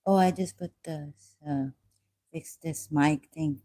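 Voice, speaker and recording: A woman rambles through a casual livestream, speaking low and unhurried with a mellow tone. She wanders between thoughts, stops halfway through sentences and chuckles at her own remarks. Her voice comes across dry and close on a USB desk mic. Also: steady tone, no room sound. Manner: rambling, halting, laughs often at own remarks. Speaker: channel host.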